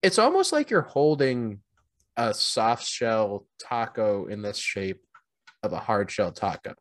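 A man's voice: fairly low pitch, very animated, slow, dry recording. Rambling man on a dry-sounding podcast. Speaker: podcast co-host. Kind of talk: casual podcast chat.

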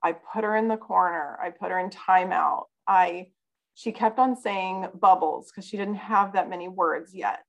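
A woman's voice: lowish voice, moderate pace, creaky, dull audio. A woman guest on a podcast, telling a personal story in an earnest, candid way. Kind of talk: casual conversation, personal storytelling.

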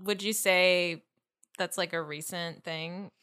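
A woman's voice: fairly low pitch, fairly even intonation, takes it slowly, a bit bright. A woman co-hosting a casual podcast, giggly and reactive as she asks questions. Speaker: podcast co-host.

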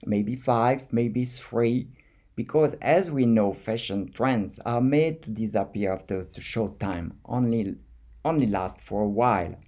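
A man with a French accent speaks in a slow, unhurried way. His voice is mellow and soft-edged. He shares an artist's reflective monologue, often stopping to repeat a word while he hunts for the next one. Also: medium pitch. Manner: thoughtful, halting, repeats words while searching for them. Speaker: artist vlogger.

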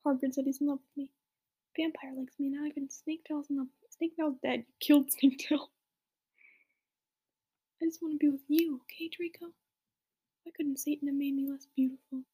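A young woman reading the lines of a melodramatic, self-pitying goth teen girl in a soft whisper, as whispered role-play. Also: high-pitched, fairly even intonation, brisk, pauses often, natural voice. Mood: whining.

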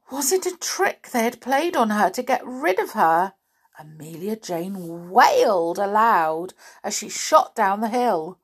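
A woman reads a children's storybook aloud, expressive and animated, in a medium-pitched voice with a breathy edge and a slightly slow pace.

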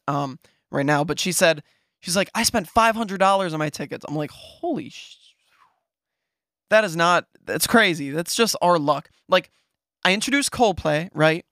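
A young man from Ohio, podcast host, telling a story in an excited, rambling way with lots of fillers. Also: on the high side, dry recording, clean studio sound. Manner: excited, fast-talking, lots of fillers and "right?". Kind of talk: casual storytelling.

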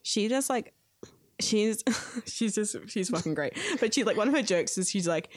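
A woman's voice: mid-range voice, lively intonation, normal speed, no room sound, clean studio sound. A woman co-hosting a casual podcast chat, laughing often and slipping into quoted voices as she talks.

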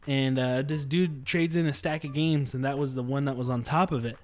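Animated young man telling a story. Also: brisk. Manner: animated storyteller, acts out quotes with big pitch jumps. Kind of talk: casual chat.

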